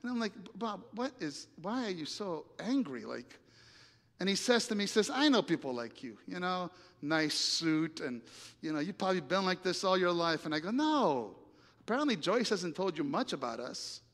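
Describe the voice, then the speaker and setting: A man preaching, telling a personal story with lively acted-out dialogue and big swings between loud and hushed lines. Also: high-pitched, normal speed. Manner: animated storyteller acting out dialogue, dramatic volume swings. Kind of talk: sermon storytelling. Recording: reverberant hall.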